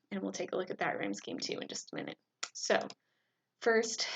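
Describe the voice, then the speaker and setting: A woman's voice: mid-range voice, creaky, slightly rough. A woman teaching a recorded lecture in an explanatory way, with many fillers, sometimes chanting a poem's rhythm aloud. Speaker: instructor. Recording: dull lo-fi recording.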